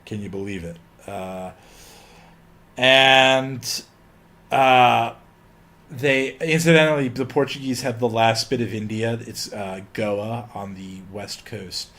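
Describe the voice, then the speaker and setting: A man talks through a history lecture in an easy, rambling way. He leans on ums and uhs and drops in opinionated asides. His voice sits at an ordinary middle pitch. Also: fairly even intonation, takes it slowly, a bit bright.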